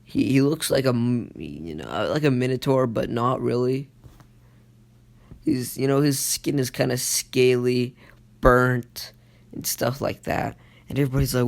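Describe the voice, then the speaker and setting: A man's voice: medium pitch, unhurried, creaky. A young man casually improvising a fan story, rambling with lots of fillers and self-corrections.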